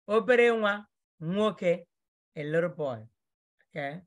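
A woman teaches a vocabulary lesson, repeating each word so students can copy how it is pronounced. She talks slowly and deliberately. Her voice sits at a middle pitch. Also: lively intonation, a bit bright. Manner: slow, repetitive drilling of words for pronunciation. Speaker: language teacher.

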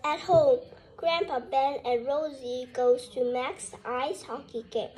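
A woman reading a children's story aloud in a slow, careful way, inviting her listeners to join in. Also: sits high, darkish tone, husky.

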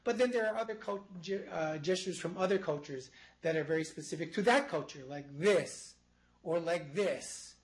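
A man's voice: on the high side, normal speed, poor audio. A man, a psychology professor, lecturing live to a studio audience in an explanatory way, often restarting his phrases. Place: university studio before an audience.

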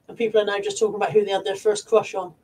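A middle-aged Irish woman, a reseller vlogger, live-streams from a phone or webcam, reading viewers' comments aloud, laughing often and breaking into off-key singing. Her mid-range voice is husky and slightly mellow.

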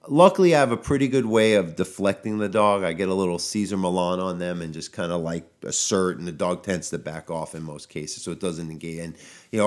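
A man, a dog trainer, hosting his own podcast in casual solo talk and venting his frustration. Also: low voice. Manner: frustrated ranting, quoting people in raised voices.

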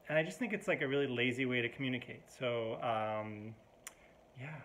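A man's voice: medium pitch, normal speed, a bit bright. A man in a casual, rambling to-camera monologue at home, full of fillers and restarts, mildly exasperated. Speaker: vlogger.

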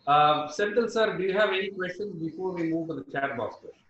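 A man's voice: sits high, fast talker, fairly bright tone. A man moderating a webinar, politely and formally relaying questions. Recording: roomy lo-fi call audio.

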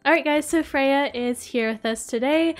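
A young woman hosting a gaming channel, narrating her play live, excitable and quick to gasp and giggle. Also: high voice, faint music behind. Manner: excitable, gasping and giggling often. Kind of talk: live game commentary.

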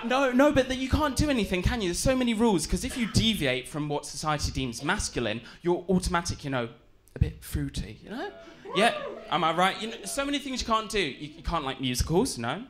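A man's voice: sits high, sing-song, moderate pace, crowd noise. A young man with an English accent doing a camp, self-deprecating stand-up set, giggling between jokes. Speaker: stand-up comedian. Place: comedy club stage. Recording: live club audio with audience noise. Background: audience laughter.

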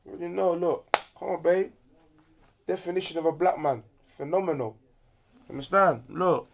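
A young man from Congo, ranting loudly with profane slang as a guest in a casual interview. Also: a little high, normal speed, creaky, crowd noise.

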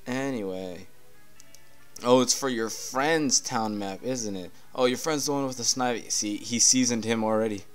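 A man's voice: mid-range voice, measured pace, smooth, faint music behind. A man casually commentating a video game playthrough, rambling, swearing and getting irritated at the game. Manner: profane, rambling, easily irritated. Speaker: gameplay commentator. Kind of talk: casual let's-play commentary.

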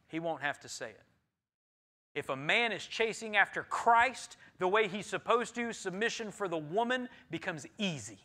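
A man preaching a sermon as pastor, rising to loud emphatic passages and dropping to quiet, earnest talk. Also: high-pitched, animated, normal speed. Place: church sanctuary.

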